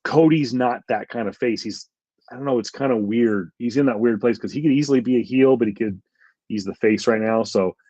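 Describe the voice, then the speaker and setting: A man's voice: medium pitch, brisk, dark tone, no room sound, dull audio. A man co-hosting a podcast, giving rambling, heated opinions with lots of fillers. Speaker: podcast co-host. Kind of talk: casual chat.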